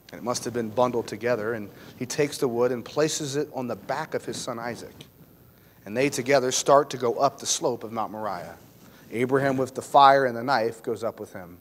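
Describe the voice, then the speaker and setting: A man preaching a sermon with impassioned emphasis, swinging from loud to hushed. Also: mid-range voice. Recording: long hall reverb, faint noise.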